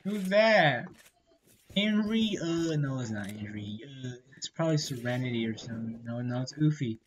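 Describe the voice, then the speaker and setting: A gaming creator doing casual let's-play commentary, excitable and slangy, blurting reactions and yelling at other players. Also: medium pitch, normal speed, slight background noise. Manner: slangy gamer talk.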